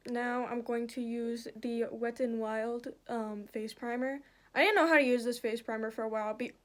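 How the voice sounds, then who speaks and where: At a fairly high pitch, a young woman chats through her makeup routine, telling a story. It's full of swearing, and she retells it with lots of animation.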